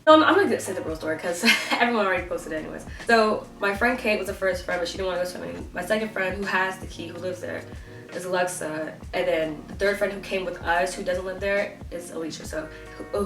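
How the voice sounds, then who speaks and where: A teenage girl, telling an animated storytime rant, full of fillers and swinging into voices for the people she quotes. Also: fairly low pitch, fast talker. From South Carolina. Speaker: vlogger. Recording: echoey, voice a bit far from the mic, faint music.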